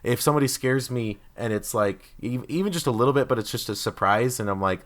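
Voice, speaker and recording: A man's voice: fairly low pitch, fairly quick, hardly any pauses. A man co-hosting a casual podcast who talks emphatically and opinionatedly, stacking up his points and acting out quotes in exaggerated voices. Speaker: podcast co-host. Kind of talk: casual chat.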